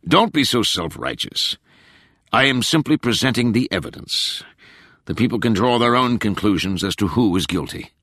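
A man reading an audiobook, voicing a middle-aged politician who speaks in a smooth, condescending, controlled way. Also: on the low side, expressive, moderate pace, a bit bright, no echo, studio quality. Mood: cold, smug. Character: middle-aged male politician, smug, cold and scheming.

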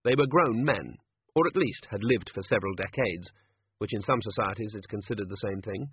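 A man's voice: lowish voice, a little fast, slight background noise. A man narrating a comic fantasy story in a dry, wry manner. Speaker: audiobook narrator. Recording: phone-like lo-fi recording.

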